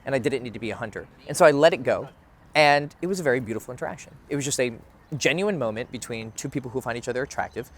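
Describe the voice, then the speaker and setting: A man's voice: medium pitch, very fast. A young man speaking casually to camera out of doors, with a mid-range voice. His talk is candid and loose, full of asides and the odd swear word. He sounds like a dating coach sharing opinions in an unscripted vlog. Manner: candid, conversational, swears freely. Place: outdoors near a bench.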